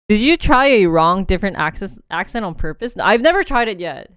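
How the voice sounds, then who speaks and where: Smooth-voiced chatty woman streamer. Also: medium pitch, big pitch swings, brisk, hardly any pauses, a bit bright, dry recording, clean studio sound. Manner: chatty, rambling, laughs often; reads sample passages aloud to a phone app. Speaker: livestream host. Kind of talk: casual livestream chat.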